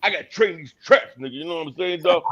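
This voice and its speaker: A man's voice: on the high side, fast talker, highs cut off. A man voicing an angry customer who curses at a gym front desk in heavy slang. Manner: loud, profane, aggressive street slang.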